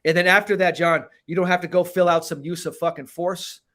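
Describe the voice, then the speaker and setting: A man's voice: high voice, fairly quick. A man hosting a podcast as a coach, talking in a casual, emphatic way that is full of swearing. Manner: emphatic, profane, animated delivery. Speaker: podcast host and performance coach.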